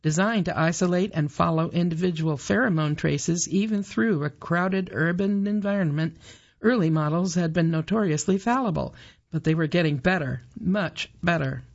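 A woman narrating an audiobook in a measured, even storytelling manner. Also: fairly low pitch, dull audio. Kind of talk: scripted narration.

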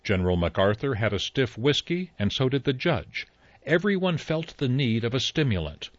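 A man narrating an audiobook in an even, unhurried storytelling manner. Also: mid-range voice, no room sound. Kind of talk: scripted narration. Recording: slightly dull dry recording.

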